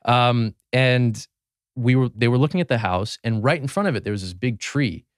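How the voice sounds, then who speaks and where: A man in his twenties, a podcast guest, telling relaxed anecdotes full of fillers and restarts. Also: mid-range voice, moderate pace, clear, resonant tone, dry recording, studio quality. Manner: relaxed, anecdotal, many fillers and self-corrections. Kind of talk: casual storytelling chat.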